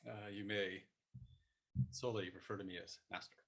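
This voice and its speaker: A man playing a self-styled martial arts master in an improvised comic bit, speaking in a measured, mock-solemn tone. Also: lowish voice, flat delivery, fairly bright tone, pitched below the performer's own voice. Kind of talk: improvised comic role-play.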